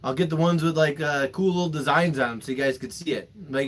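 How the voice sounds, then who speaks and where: A man in his thirties, chatting on a podcast with a slightly high voice. He tells crude stories with plenty of laughter and swearing. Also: fast. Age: 30s. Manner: crude, laughing storyteller who acts out loud quotes. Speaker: podcast co-host. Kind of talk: casual chat.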